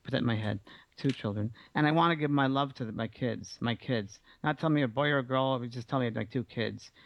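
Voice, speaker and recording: A man hosting a radio call-in show as a psychic medium, giving a caller warm, reassuring messages. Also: mid-range voice, brisk, gravelly, no room sound. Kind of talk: call-in reading. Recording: dull lo-fi broadcast audio.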